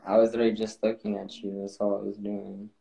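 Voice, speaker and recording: A young man in his teens giving brief, flat replies in a casual live-stream chat. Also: on the low side, fast talker, creaky, low-quality recording. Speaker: livestream guest.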